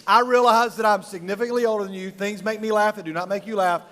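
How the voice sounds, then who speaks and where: Middle-aged youth pastor, high voice, laughs through rambling funny stories, boomy hall. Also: male voice, fairly even intonation, quick pace, a bit bright. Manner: jokey, rambling storyteller who laughs often. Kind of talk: humorous talk to a live youth audience. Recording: long reverb of a large hall.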